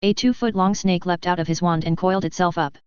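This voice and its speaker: A woman reads a story aloud with a very clear, smooth voice pitched a little low. She keeps a steady, even storytelling pace. The recording sounds dry and slightly dull. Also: fast, no room sound. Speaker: narrator. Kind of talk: audiobook reading of fan fiction.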